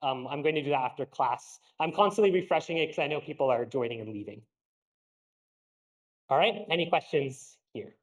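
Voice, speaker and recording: Young male lecturer, high voice, casual and halting, classroom lecture. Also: animated, poor audio. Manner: casual, lots of fillers and restarts. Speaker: university lecturer. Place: lecture hall.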